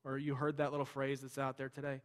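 A man's voice: medium pitch, monotone, quick pace. Man preaching in a reverberant hall. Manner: conversational preaching with casual asides. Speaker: pastor. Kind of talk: sermon. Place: large church sanctuary.

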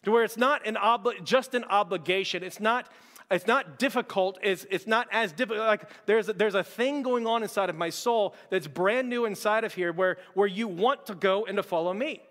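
A man's voice: high-pitched, normal speed, a bit bright, big-room sound. A pastor preaching a sermon to his church in a conversational, emphatic way, with repeated words and casual fillers.

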